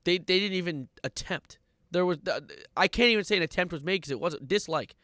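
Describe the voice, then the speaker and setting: Sarcastic ranting young man, bright voice. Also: high voice, a little fast, no echo, clean studio sound. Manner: sarcastic, ranting, swears, bursts into loud outbursts. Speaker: streamer reacting to online content. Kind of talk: livestream reaction commentary.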